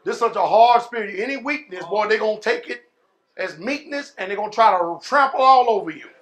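High-voiced preacher swinging from shouts to murmurs. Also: male voice, expressive. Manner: preaching with sudden shouts and drawn-out words; folksy, calls the congregation y'all and man. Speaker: pastor. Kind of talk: sermon.

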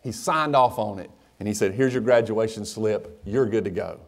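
A man, a middle-aged pastor, preaching a sermon and telling a personal story with animated dialogue. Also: lowish voice, normal speed.

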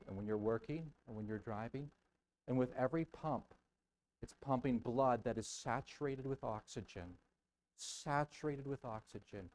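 A man preaching a sermon as pastor in a church, dramatic and emphatic, repeating words for weight and swinging from hushed murmurs to loud outbursts. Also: medium pitch, normal speed, rough recording. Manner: emphatic repetition. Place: church sanctuary.

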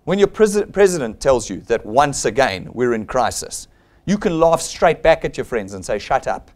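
A man's voice: mid-range voice, very animated, normal speed, a little mellow. A man with a South African accent giving a blunt, persuasive motivational sales seminar, acting out the people he quotes. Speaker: seminar presenter.

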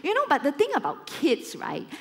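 A woman in her forties with a Malaysian English accent, preaching a sermon and telling a story with lively acted-out quotes. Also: sits high, moderate pace, vocal fry. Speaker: pastor.

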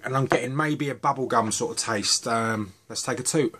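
A man's voice: medium pitch, brisk, few pauses, a bit bright, husky. A man chatting casually through a vape juice review, rambling a little and poking fun at himself. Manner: chatty and self-deprecating, with rambling asides.

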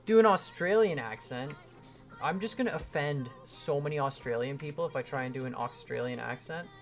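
A man's voice: on the high side, brisk, faint music behind. Rambling guy streaming. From Canada. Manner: rambling, self-deprecating, reads chat aloud. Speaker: gaming livestreamer. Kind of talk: casual livestream chat while building.

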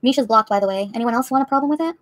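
A woman's voice: on the high side, very fast, dry recording. A woman livestreamer answering her chat in a heated, profane, confrontational rant.

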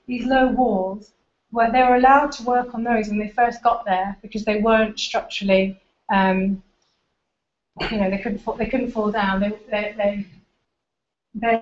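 A woman giving an informal seminar talk, explaining and pointing at pictures as she goes, in a lecture room. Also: fairly high pitch. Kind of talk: informal academic presentation with slides. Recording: roomy, dull lecture recording.

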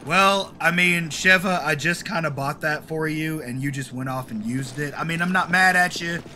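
Excitable high-voiced male gamer. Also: normal speed, slight background noise. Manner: excitable, talks to the game, swears. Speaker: gaming streamer. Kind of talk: casual let's play commentary. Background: game music.

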